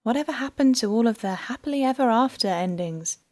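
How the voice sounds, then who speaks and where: A woman's voice: a little high, animated, a little fast, a little mellow, pitched above the performer's own voice, close to an everyday voice. An audiobook narrator, a woman, voicing a grieving young woman who pleads and strains with emotion. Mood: wistful.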